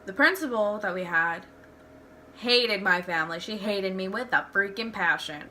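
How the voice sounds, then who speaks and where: A young vlogger shares personal stories at home in a rambling, candid way, often restarting sentences. Her voice is mid-range and expressive at a normal speed, pushed and bright. A little hiss or hum runs underneath.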